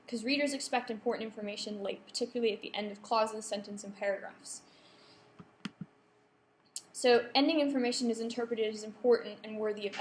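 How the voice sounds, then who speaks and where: Woman lecturing in an echoey room. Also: on the high side. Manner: checks in with the audience, polls the room. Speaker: workshop presenter. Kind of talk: lecture to students. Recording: echoey room, faint background hum.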